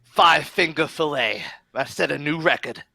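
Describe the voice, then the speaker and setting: A man's voice: on the high side, normal speed, gravelly, sharp tone, heavily acted. A man voicing a cocky, boastful male brawler in tabletop role-play.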